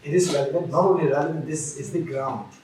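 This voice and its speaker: A man's voice: fairly high pitch, quick pace, darkish tone, heavy reverb, recorded from a distance, poor audio. A man giving a Buddhist teaching at a retreat, repeating key phrases and restarting often.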